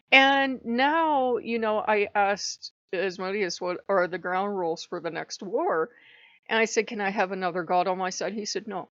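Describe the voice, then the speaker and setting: A woman's voice: mid-range voice, a little slow, fairly bright tone, no echo. A woman vlogger casually telling a rambling story, acting out remembered conversations in quotes. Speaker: spiritual vlogger. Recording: dull lo-fi dry sound.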